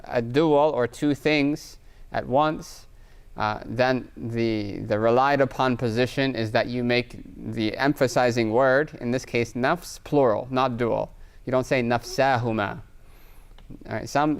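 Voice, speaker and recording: A man gives a patient grammar lecture, pausing often to ask "right?" as he works through examples. His voice has a gravelly edge yet stays smooth and clear. He sits at a middling pitch. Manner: explains patiently with frequent "right?" checks, writing examples on a board. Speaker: Arabic grammar teacher. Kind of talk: classroom lecture.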